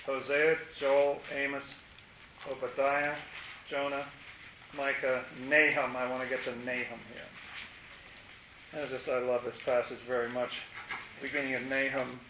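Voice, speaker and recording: A man's voice: mid-range voice, level tone, a little slow, pauses often, echoey room, dull audio, noisy background. A man leading a casual Bible study, explaining passages with playful asides.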